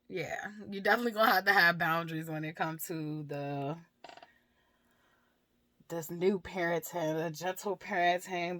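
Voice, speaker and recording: A woman vlogger and mom speaks candidly to the camera about her life and parenting, laughing a lot, swearing freely, and using many fillers. Her voice is on the low side, pushed and bright, recorded with no echo.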